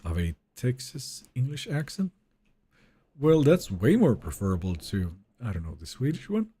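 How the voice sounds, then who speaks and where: Husky guy streaming a game, slow and laid back, wry jokes to chat, voice bounces around a lot. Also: mid-range voice, very animated, mellow. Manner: wry and joking, trails off into mumbles. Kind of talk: casual stream chat, reading viewer messages aloud.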